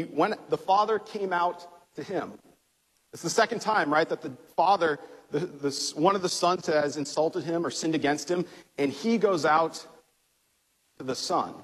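A man's voice: on the high side, fairly bright tone, breathy edge. A man preaching a sermon as pastor, talking in a conversational way with fillers and restarts. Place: church sanctuary. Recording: long hall reverb.

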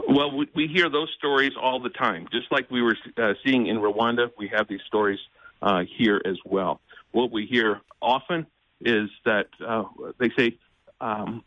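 A man speaking as a guest in an interview, earnest and measured, often pausing with fillers and restarting. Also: medium pitch, no echo, dull audio. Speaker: ministry president, guest. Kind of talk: conversational interview.

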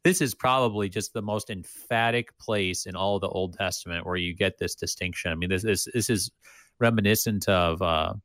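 A man's voice: sits low, moderate pace, fairly bright tone, dry recording, clean studio sound. A man co-hosting a casual Bible discussion, talking with many restarts and fillers and reading passages aloud. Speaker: Bible study co-host.

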